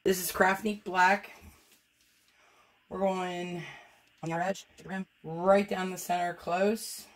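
A woman's voice: on the low side, flat delivery, a little slow. A woman painter demonstrating fluid art, chatting in a joking, self-deprecating way and talking through each step as she works. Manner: talks through each step while working.

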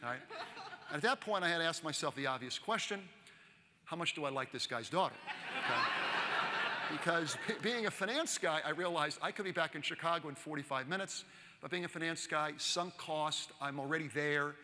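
A man's voice: fairly high pitch, brisk, noisy background. A man in his sixties giving a chatty, storytelling keynote talk and asking the audience questions. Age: 60s. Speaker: keynote speaker. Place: large conference hall. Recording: long hall reverb.

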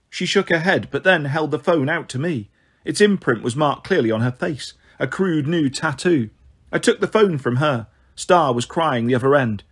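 Give me a man with a husky, slightly high voice reading a children's novel aloud. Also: normal speed. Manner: steady, expressive first-person narration. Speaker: audiobook reader.

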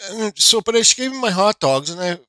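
Bright-voiced rambling man in his forties. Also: sits high, fairly quick, dry recording. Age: 40s. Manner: animated, rambling storyteller with many restarts. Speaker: woodcarving channel host. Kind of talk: casual rambling vlog voiceover.

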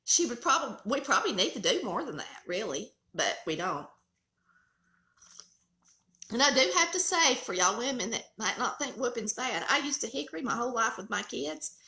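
Southern middle-aged woman, high lively voice, folksy storyteller, bright tone in an echoey kitchen. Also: moderate pace. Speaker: cooking channel host. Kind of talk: casual storytelling chat.

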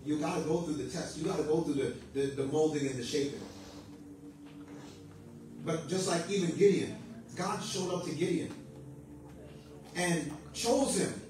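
A man's voice: on the high side, moderate pace, pauses often, noisy background. A man preaching a sermon in a church, urging his listeners on with repeated phrases and call-and-response amens. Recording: very echoey room, mic at a distance.

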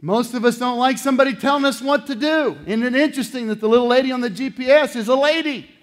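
A middle-aged male pastor preaching a sermon, animated, acting out little voices and swinging between loud outbursts and low asides. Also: fast talker.

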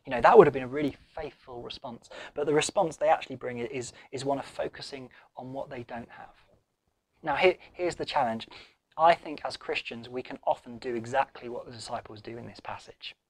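A man's voice: mid-range voice, a little fast, slightly rough, dry recording. A man with an English accent preaching a sermon in an earnest, questioning way, his voice swelling and then dropping almost to a whisper. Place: church.

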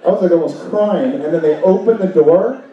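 A man performing a stand-up comedy set on a club stage, animated and breaking into high panicked shrieks for his bits. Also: fairly quick. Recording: roomy, distant, dull club recording. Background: audience laughter.

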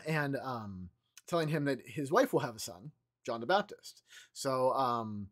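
A man's voice: mid-range voice, lively intonation, fairly bright tone. Man leading informal morning prayer. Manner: loose and conversational, with frequent pauses and restarts. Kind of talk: informal devotional teaching.

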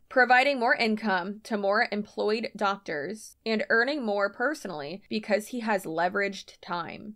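A woman's voice: medium pitch, unhurried, few pauses, a bit bright. A woman giving casual, sarcastic commentary, blunt and mock-incredulous, swearing freely. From United States. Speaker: commentary YouTuber.

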